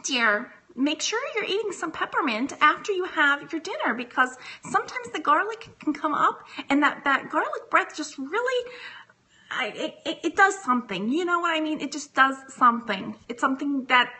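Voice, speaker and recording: A woman's voice: high voice, animated, normal speed, sharp tone, pitched above the performer's own voice. A woman playing a fussy, motherly lady who gives prim personal advice.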